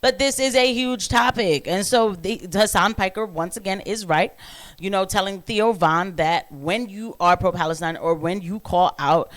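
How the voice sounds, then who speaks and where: A woman's voice: medium pitch, normal speed. A woman giving casual reaction commentary on a podcast clip, chatty with sarcastic asides.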